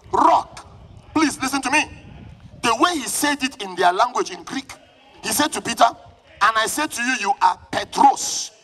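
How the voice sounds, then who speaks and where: A man with a Nigerian accent preaching a live sermon at a church service, fervent and often shouting, calling on the congregation to answer him. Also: very high-pitched. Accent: Nigerian English.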